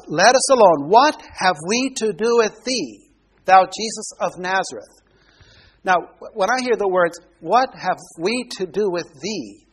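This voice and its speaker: A man's voice: high-pitched, fairly bright tone, breathy edge. A man preaching a Bible sermon, explaining verses and asking his listeners questions. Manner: explanatory, asks the congregation questions. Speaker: pastor.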